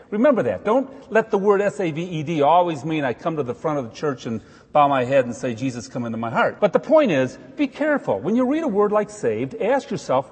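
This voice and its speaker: A man's voice: high voice, a little mellow, breathy edge, in a large hall. A man giving informal Bible teaching with a conversational manner, jokey asides and emphatic stresses.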